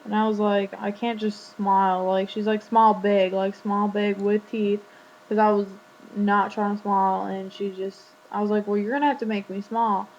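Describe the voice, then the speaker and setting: A woman's voice: medium pitch, level tone, moderate pace, a little mellow. A teenage girl casually retelling a conversation in a vlog, full of "like" and quoted back-and-forth. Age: teens. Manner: chatty, retelling a conversation with lots of "like". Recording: dull lo-fi webcam audio with faint hum.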